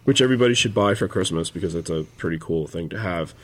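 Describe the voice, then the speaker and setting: A man's voice: deep voice, quick pace, fairly bright tone, slight background noise. Joking man hosting a beer podcast. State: slightly rough voice today. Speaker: podcast host. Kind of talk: casual chat and scripted show intro.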